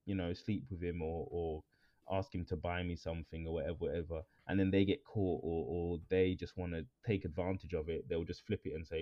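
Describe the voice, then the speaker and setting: A man with an English accent, co-hosting a casual chat podcast, animated and jokey, repeating his phrases for effect. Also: low voice, fairly quick. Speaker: podcast co-host. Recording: dull lo-fi sound.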